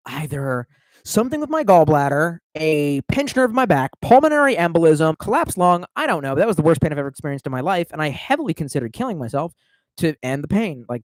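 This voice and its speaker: A man's voice: fairly high pitch, no echo. A young man streaming, telling a long rambling story in casual, profane talk.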